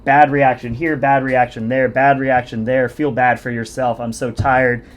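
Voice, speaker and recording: A man hosting a casual podcast chat, telling stories from his coaching work at length. He rambles and pokes fun at himself along the way. His voice sits at a middle pitch. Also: flat delivery, moderate pace. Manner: rambling, self-deprecating storytelling. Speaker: fitness coach and podcast host.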